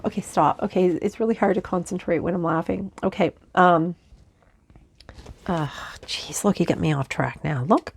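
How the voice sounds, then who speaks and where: A woman with a slightly low voice talks through a spiritual channeling session. Her delivery is halting and rambling, full of restarts. She keeps breaking off to answer unseen spirits. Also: vocal fry, breathy edge. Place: lives in Canada.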